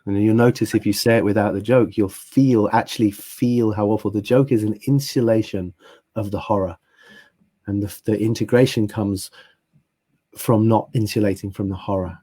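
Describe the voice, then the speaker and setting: A man co-hosting a conversation about healing, speaking calmly and directly and gently pressing his point. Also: lowish voice, normal speed, breathy edge. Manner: calm, direct, gently insistent. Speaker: co-host.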